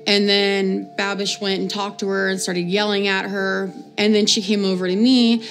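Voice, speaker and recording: A young woman recalling a childhood memory in a documentary interview, hesitant with many pauses. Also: medium pitch, level tone, soft background music. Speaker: interviewee, granddaughter.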